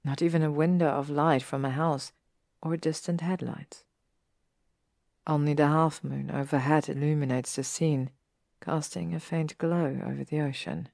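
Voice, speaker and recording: A woman narrating an audiobook story in a measured, even way. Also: deep voice, vocal fry, dry recording, studio quality. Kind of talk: audiobook reading of fan fiction.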